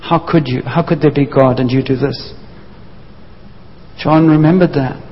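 A man's voice: a little high, steady tone, measured pace. Man preaching in a reverberant hall. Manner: storytelling, acts out voices of disciples. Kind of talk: sermon. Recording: dull sound, long hall reverb.

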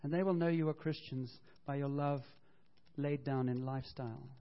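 A man preaching a sermon as pastor, animated and storytelling, acting out quotes and correcting himself as he goes. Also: mid-range voice, moderate pace. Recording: dull lo-fi sound.

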